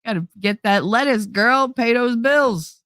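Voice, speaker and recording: A woman's voice: measured pace, a bit bright, no room sound. Brash swearing woman streamer, dry sound. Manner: swearing, laughing, swings high and low in pitch. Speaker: streamer host. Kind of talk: casual livestream chat. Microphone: desk microphone.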